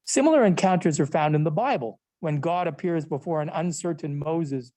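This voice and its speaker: A man's voice: a little high, expressive, normal speed, dark tone. A man, a professor, giving a lecture, reading prepared text with small asides and self-corrections. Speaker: literature and law professor. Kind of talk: recorded lecture.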